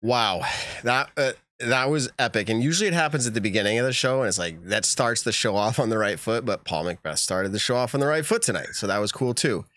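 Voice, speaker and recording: A man's voice: mid-range voice, lively intonation, a little fast, a bit bright, dry recording. A young man chatting on a podcast, wandering through a story with lots of fillers and laughs. His voice sits in the middle range, and the recording is close and dry, with no room sound. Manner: rambling storyteller, laughs often. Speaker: podcast co-host. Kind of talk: casual chat.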